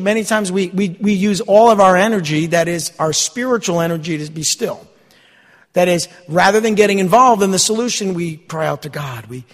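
A man preaching a sermon to his congregation, animated, swinging from loud outbursts to hushed asides. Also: on the high side, gravelly, slightly rough. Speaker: pastor. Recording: reverberant hall.

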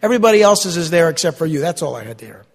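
A man preaching a sermon to his congregation, animated, swinging from loud outbursts to hushed asides. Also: on the high side, racing, gravelly. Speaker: pastor. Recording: reverberant hall.

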